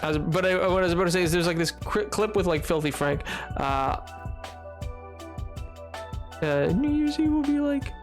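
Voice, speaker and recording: A live streamer talks loosely with viewers while playing, drifting between half-finished stories and replies to chat, with sudden squeaky yelps. The voice sits at a middling pitch, and some quiet music runs faintly underneath. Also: lively intonation, normal speed, pauses often. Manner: rambling, answers chat, sudden high-pitched outbursts.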